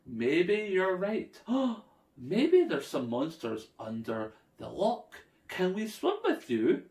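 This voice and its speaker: A man's voice: high-pitched, huge pitch swings, takes it slowly, darkish tone, voice pushed up, heavily acted. A man voicing a group of eager, curious children in a story for kids. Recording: echoey room.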